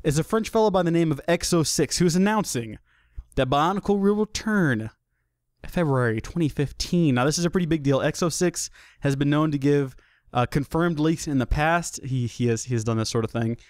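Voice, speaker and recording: A young man talks through news on his solo podcast in a loose, joking way, often stumbling and restarting. His voice sits a little high. It is recorded close and dry, with no room sound. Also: fairly quick, darkish tone, no room sound. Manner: chatty, jokey, self-deprecating, with many restarts. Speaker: podcast host. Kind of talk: casual solo podcast talk.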